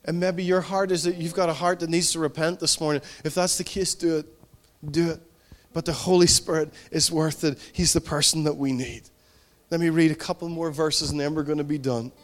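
A man preaching from the pulpit, his voice sitting a little high for a man. He drives points home with repetition and rising emphasis, then drops into soft, tender stretches. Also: fairly even intonation, normal speed. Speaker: pastor. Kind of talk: sermon.

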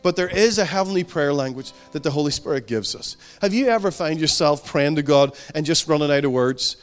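Fervent male preacher, fairly high voice. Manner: fervent, repetitive preaching with emphatic rises. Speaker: pastor. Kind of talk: sermon.

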